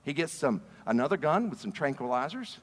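A middle-aged man, a pastor giving a sermon, who swings between loud, emphatic preaching and low, hushed storytelling. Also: sing-song, brisk. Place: church sanctuary. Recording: long reverb of a large church room.

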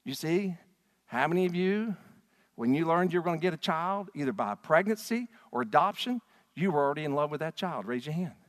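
Speaking a little fast, this high-voiced man preaches with emphasis and animation, putting rhetorical questions to his congregation. He's a pastor giving a sermon in a church sanctuary, and the big hall's long reverb rings through the recording.

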